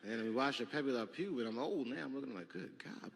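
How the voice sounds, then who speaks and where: A man doing stand-up comedy, telling a story in a loose, profane, conversational way with sudden shouted bursts, on a live stage. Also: mid-range voice, fast talker, vocal fry. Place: comedy stage with audience laughing. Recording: noisy live stage recording.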